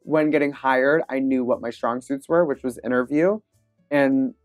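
Animated woman guest telling stories. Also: rumbling low, no room sound, studio quality, soft background music. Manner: animated, confident, quick laughs. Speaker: podcast guest. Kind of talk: casual interview storytelling.

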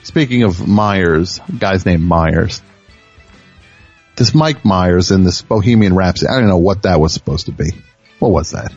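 A man's voice: fairly low pitch, lively intonation, normal speed, breathy edge, dry recording, muffled recording, soft background music. A male radio show host rambling through a self-mocking comic monologue with many restarts.

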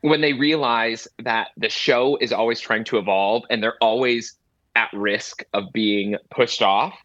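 Comedian guy on a podcast, bright sharp tone, fast excited storytelling, dry mic. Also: mid-range voice, no room sound, highs cut off. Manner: quick, excited, self-mocking storytelling. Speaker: comedian guest. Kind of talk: casual chat.

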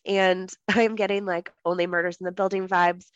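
A woman with a lowish voice co-hosts a casual book podcast, speaking at a moderate pace in a level tone with lots of ums. Her voice is somewhat off today, and the recording is muffled with no echo.

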